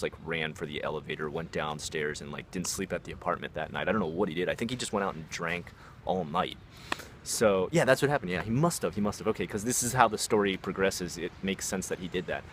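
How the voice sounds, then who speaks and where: A man's voice: deep voice, a bit bright, slight background noise. A young man casually telling a story. He swears a lot and fills his talk with "like" and "you know.". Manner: casual, profane, many fillers like "like".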